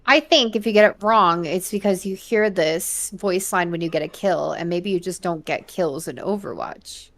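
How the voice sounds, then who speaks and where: A woman's voice: lowish voice, moderate pace, few pauses, fairly bright tone. A woman hosting a casual gaming quiz, reading out questions and teasing the contestant in a matter-of-fact way. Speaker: quiz host.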